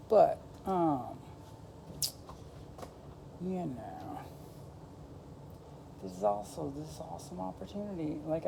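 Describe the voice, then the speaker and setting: A woman's voice: low voice, creaky, mellow, slight background noise, rough recording. A woman vlogger talking casually to her camera, wandering from thought to thought with lots of "like" and "you know". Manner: meandering, full of "like" and "you know", laid-back. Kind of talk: rambling casual monologue to camera.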